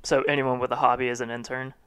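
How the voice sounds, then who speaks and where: Young guy cohost, dry jokes, teasing his buddy, normal pitch. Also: little pitch movement, fast, fairly bright tone, smooth. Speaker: podcast co-host. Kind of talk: casual podcast banter.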